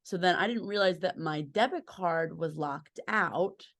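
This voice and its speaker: A woman's voice: fairly low pitch, a little slow. A woman chatting on a podcast, telling rambling, self-deprecating stories and laughing at herself. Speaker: podcast guest, host's wife. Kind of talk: casual chat.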